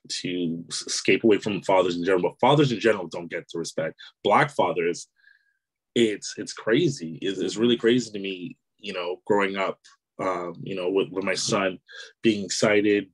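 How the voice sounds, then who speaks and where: Easygoing man with a lowish voice. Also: poor audio. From Canada. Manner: easygoing, rambling, many "you know" fillers, laughs easily. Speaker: author and entrepreneur, guest. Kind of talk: casual interview talk.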